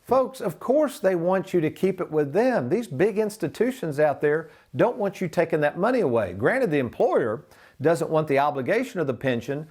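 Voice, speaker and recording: An older man hosting a retirement planning show, speaking in a folksy way and calling his viewers "folks." His voice sits a little higher than most men's as he steps through the figures for them. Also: very animated, moderate pace, darkish tone, husky. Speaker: financial advisor and show host.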